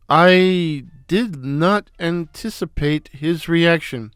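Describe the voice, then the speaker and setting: A man narrating a comic story in a wry, unhurried storytelling manner. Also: on the high side, lively intonation, clear, resonant tone, no room sound, clean studio sound, faint music behind.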